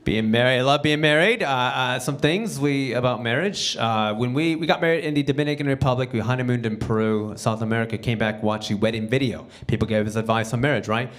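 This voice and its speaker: A man's voice: mid-range voice, fairly quick, hardly any pauses, a bit bright. A man performing a stand-up comedy set on a theater stage, talking in a conversational way and acting out quotes before the punchlines.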